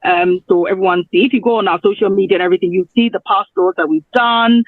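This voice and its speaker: A man from Ghana, a guest on a radio show, talking in a halting, rambling way and often correcting himself. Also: high voice, steady tone, no echo. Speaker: guest promoting a travel raffle. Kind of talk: phone-in radio interview. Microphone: phone. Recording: tinny phone line.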